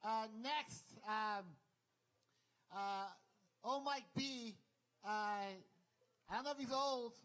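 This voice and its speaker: A man with a Southern US accent hosting a live comedy show, loose and halting as he introduces comics. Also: high-pitched, fairly bright tone. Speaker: show host. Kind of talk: emceeing a comedy open mic. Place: comedy club stage, live.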